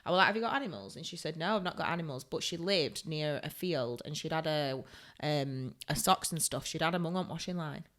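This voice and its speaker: Woman, beauty-salon podcast co-host, bright voice, lively anecdote telling with acted-out quotes. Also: deep voice, brisk. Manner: animated storytelling, acts out quotes. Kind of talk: casual chat.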